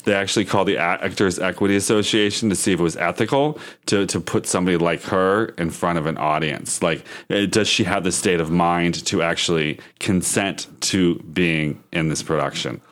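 A man's voice: low-pitched, steady tone, normal speed, hardly any pauses, a bit bright. A man co-hosting a podcast, telling a celebrity story in a gossipy, casual way. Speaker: podcast co-host.

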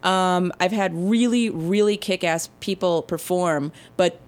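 A woman, a guest musician chatting bluntly and excitably, cursing casually as she tells stories. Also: lowish voice, a little slow. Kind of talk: casual chat.

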